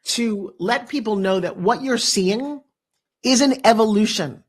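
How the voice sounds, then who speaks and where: Woman in her fifties, dramatic and animated motivational speaker sharing her story as a talk show guest. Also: fairly high pitch, measured pace. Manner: animated, dramatic storyteller who acts out quotes.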